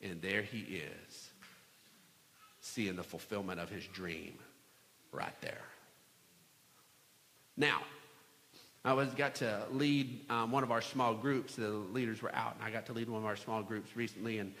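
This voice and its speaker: A man preaching a sermon in a church, acting out the scripture scenes with shouts and playful voices. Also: fairly low pitch, steady tone, measured pace, pauses often, big-room sound. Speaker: pastor. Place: large church hall.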